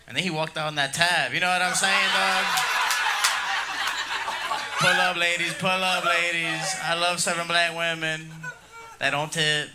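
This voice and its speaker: A brash male comedian working a club crowd with crude jokes, needling the audience as he goes. His voice sits slightly high for a man, and clear room noise from the club carries behind him. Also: flat delivery, measured pace, long pauses. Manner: brash, crowd-baiting, tags jokes with "dog" and "you know what I mean". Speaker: stand-up comedian. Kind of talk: crude stand-up set.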